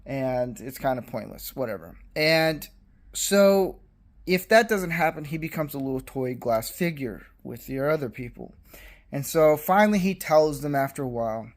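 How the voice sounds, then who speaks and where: A man giving a casual, blunt and dismissive movie review, rambling with fillers. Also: mid-range voice.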